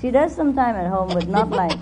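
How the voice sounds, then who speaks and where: A woman's voice: mid-range voice, expressive, a little fast. A woman leading a spiritual center gathering who talks casually with a live audience. She teases people playfully, coos fondly at her pets, and speaks English with loose non-native grammar. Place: indoor room with an audience. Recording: noisy live room recording.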